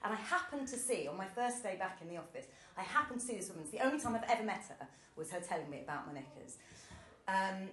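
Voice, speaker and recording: A woman's voice: medium pitch, animated, quick pace, a bit bright. A woman doing stand-up, telling a self-deprecating story on stage and laughing as she goes. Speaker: stand-up comedian. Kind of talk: live storytelling comedy set. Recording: roomy live venue.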